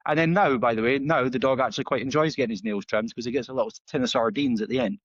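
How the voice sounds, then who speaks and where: A man, a dog trainer guest on a podcast, telling stories in a casual, animated way and acting out the dialogue with many restarts. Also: medium pitch, quick pace, no room sound. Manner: animated storytelling, acts out dialogue with frequent restarts. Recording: slightly dull, dry audio.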